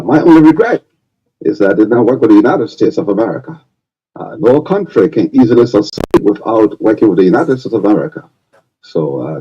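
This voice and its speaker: A man impersonating an older former president, speaking slowly and haltingly between throat-clears. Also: mid-range voice, lo-fi sound, voice pushed down. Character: older male former president, slow and self-assured.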